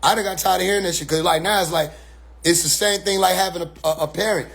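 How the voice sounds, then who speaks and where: Male commentator with a high voice, loose and blunt, keeps looping back to check you follow. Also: steady tone, fast, vocal fry, fairly bright tone. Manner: rambling, repeats "you see what I'm saying"; blunt, profane street talk. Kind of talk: casual monologue commentary.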